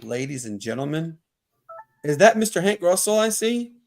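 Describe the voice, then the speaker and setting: A man from Mobile, Alabama with a Southern accent, hosting a casual sports podcast and telling stories in an animated way, laughing often. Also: fairly high pitch. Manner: animated, laughing, quick asides. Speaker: podcast host. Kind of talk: casual chat, storytelling.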